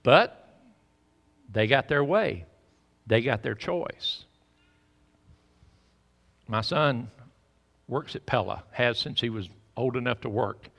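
A man preaching a sermon in a church, folksy and preachy, swinging between loud emphasis and hushed asides. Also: mid-range voice, slow, vocal fry, long pauses. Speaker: pastor. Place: church sanctuary. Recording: reverberant church hall.

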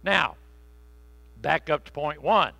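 A man preaching a sermon in a conversational, joking way, slowing down to stress key phrases. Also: a little high, expressive, vocal fry, pushed and bright, no echo. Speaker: pastor.

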